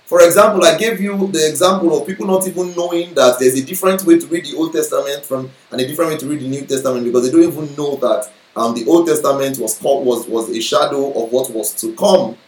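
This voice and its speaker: A man's voice: on the high side, fast, few pauses, reverberant, rough recording. A man teaching a Bible lesson in a sermon style, explaining step by step and often checking that listeners follow.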